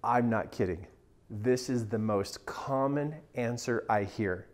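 A man's voice: medium pitch, takes it slowly. A man coaching listeners in a motivational talk, explaining with emphatic delivery and acted-out quotes. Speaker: mindset coach.

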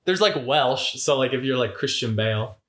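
A man's voice: medium pitch, normal speed, roomy sound. Man chatting animatedly on a podcast. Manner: animated, breaks into mock voices. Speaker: podcast co-host. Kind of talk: casual movie review chat.

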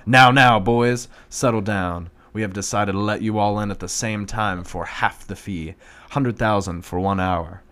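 A man's voice: on the low side, fairly even intonation, unhurried, fairly bright tone. A man doing a crude scheming captor. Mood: smarmy.

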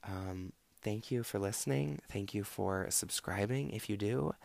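Rambling, profane young man with gravelly voice. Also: on the low side, unhurried, few pauses, darkish tone, no room sound. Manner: rambling, profane, lots of "like" fillers. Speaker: podcast host. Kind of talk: casual storytelling monologue.

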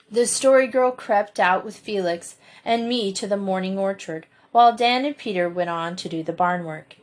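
A woman narrating a classic novel for an audiobook in a steady, measured storytelling voice. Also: mid-range voice. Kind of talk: audiobook reading.

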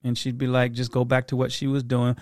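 A middle-aged man telling animated parenting stories in a casual monologue, breaking into quick impressions. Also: medium pitch, no echo, studio quality. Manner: animated storytelling with impressions and laughs. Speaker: parent giving advice.

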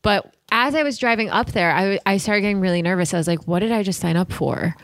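A woman's voice: mid-range voice, fast, no room sound, clean studio sound. Chatty woman telling a story. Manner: chatty, animated storyteller acting out quotes. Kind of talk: casual chat, storytelling.

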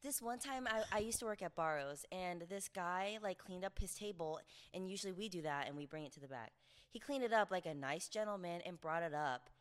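A young woman with a raspy voice, co-hosting a casual podcast chat in an animated, self-mocking way and laughing easily. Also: fairly low pitch, fairly quick. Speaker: podcast co-host.

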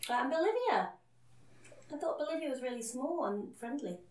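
A woman's voice: high voice, very animated, moderate pace, darkish tone. Dry sarcastic woman, echoey room. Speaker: podcast co-host. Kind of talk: casual chat.

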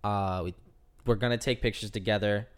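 A man's voice: on the low side, fairly even intonation, normal speed, clear, resonant tone. A young man telling a long personal story in casual chat, heavy on filler words, acting out what people said. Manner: rambling, lots of "like" fillers, acts out quotes.

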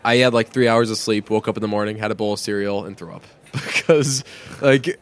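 A man's voice: mid-range voice, fairly quick. A young man co-hosting a podcast in casual chat, rambling through stories and laughing often. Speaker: podcast co-host.

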